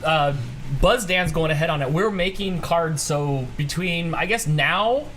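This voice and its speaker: A man's voice: fairly high pitch, measured pace, fairly bright tone, slight background noise. A man hosting a casual livestream chat from home. He rambles and often restarts his sentences. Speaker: host.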